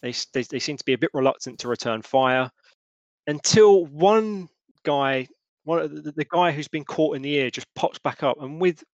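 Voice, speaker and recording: A man's voice: a little high, no room sound, lo-fi sound. Dry-voiced man running a tabletop game. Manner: halting, lots of restarts and fillers. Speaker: game master.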